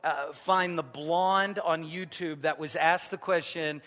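Preacher man, bright, in a reverberant hall. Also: fairly high pitch, fairly even intonation, unhurried. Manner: conversational preaching with jokes, swinging from loud to quiet. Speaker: pastor. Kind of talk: sermon. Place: church sanctuary.

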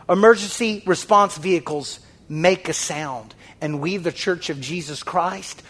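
A man with a high voice preaches a sermon in a passionate, repetitive style. He drops to a hushed near-whisper, then rises to loud exhortations and calls for a response from the congregation. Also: measured pace, husky. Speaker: pastor.

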